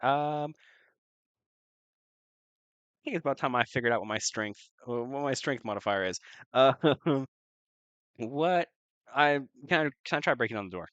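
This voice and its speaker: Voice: mid-range voice, lively intonation, moderate pace, long pauses, a bit bright, no echo, lo-fi sound. A player in a tabletop game, thinking aloud with frequent laughs and hesitant restarts.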